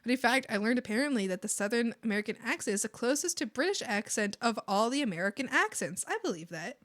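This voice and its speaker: A bubbly Canadian woman chats casually on her live art stream, rambling and giggling as she goes. Her voice is bright and fairly high. The sound is close and dry. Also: animated, fast, dry recording. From Maritimes, Canada.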